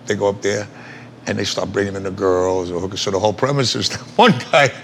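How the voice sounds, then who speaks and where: Low gravelly older man telling stories. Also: fast, a bit bright, slight background noise. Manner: rambling, salty, laughs mid-story. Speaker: actor guest. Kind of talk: casual anecdotal storytelling.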